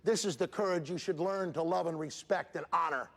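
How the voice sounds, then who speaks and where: A man giving a motivational talk to students at a school assembly, animated and breaking into shouts. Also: fairly high pitch, brisk. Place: large school hall. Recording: reverberant hall with audience.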